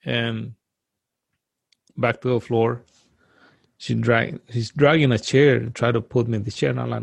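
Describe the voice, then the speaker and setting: A man who grew up outside the US, earnestly recounting a frightening personal experience as a guest, in a halting way that repeats words and restarts. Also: mid-range voice, flat delivery, gravelly, breathy edge, no echo. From outside the US, now lives in the US. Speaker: guest telling a personal story.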